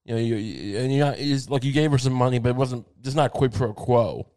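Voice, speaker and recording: In a brisk, darkish voice of ordinary male pitch, a man delivers a profane, rambling comic rant. He's sardonic and unpolished, circling back on his points with stammering restarts.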